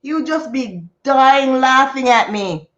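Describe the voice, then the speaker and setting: High-voiced woman livestreaming. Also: a little slow, highs cut off. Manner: animated and expressive, with sound effects. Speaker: livestream host. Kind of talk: casual storytelling to a live chat.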